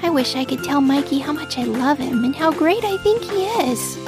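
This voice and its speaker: A woman voicing a timid, insecure little pet rock that speaks in a shaky, halting way in a storybook reading. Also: high-pitched, lively intonation, over music, pitched above the performer's own voice. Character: timid shy pet rock, small and unsure.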